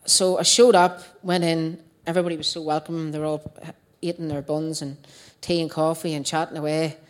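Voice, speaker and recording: A woman's voice: low voice, flat delivery, a little fast. A woman with a Northern Irish accent giving a personal testimony to a church group, telling her story in a chatty way and acting out her own past dialogue.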